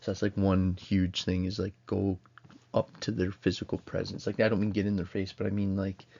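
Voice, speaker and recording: A man's voice: sits low, completely flat delivery, fairly quick, creaky, mellow, dull audio. A man, giving a casual recorded college lecture at home in a rambling, self-interrupting way. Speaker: college instructor.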